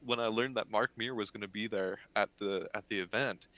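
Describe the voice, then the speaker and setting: Male podcast guest, bright and eager, animated storyteller, dry close sound. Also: fairly low pitch, a little fast, no room sound. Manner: excitable, animated retelling with voiced quotes. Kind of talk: casual storytelling.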